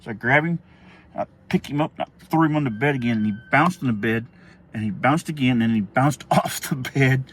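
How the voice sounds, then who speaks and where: A man's voice: medium pitch, brisk, husky. A middle-aged man, telling a childhood story in a casual, rambling way, often laughing and acting out quotes. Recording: faint background noise.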